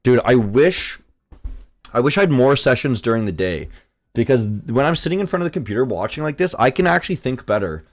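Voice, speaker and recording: A young man from Canada hosting a live trading stream, chatting casually, reading chat aloud and swearing when excited. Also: mid-range voice, brisk. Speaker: livestream trading host.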